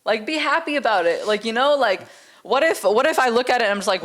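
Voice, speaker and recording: A woman's voice: on the high side, animated, quick pace, fairly bright tone. Fiery, profane woman co-host. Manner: heated, emphatic, swears often. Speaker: podcast co-host. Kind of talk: casual podcast debate.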